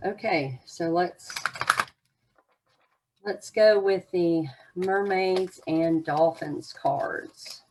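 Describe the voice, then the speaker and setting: A woman's voice: lowish voice, very slow, a little mellow, slight background noise. A woman giving an unscripted oracle card reading to her viewers, musing in a meandering way with many fillers.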